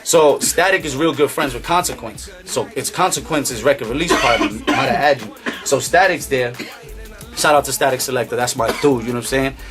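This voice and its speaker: A man's voice: mid-range voice, a little fast, music in the background. A man casually telling a story in streetwise slang, acting out what people said. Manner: animated, streetwise slang, acts out quotes.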